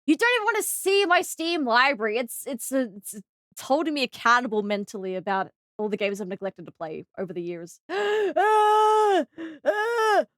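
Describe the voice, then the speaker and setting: Young Australian woman streamer, excitable and chatty, high lively voice, dry close sound. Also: brisk, no echo. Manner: bubbly, excitable, gasps and squeals when greeting viewers. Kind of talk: live gaming stream chat.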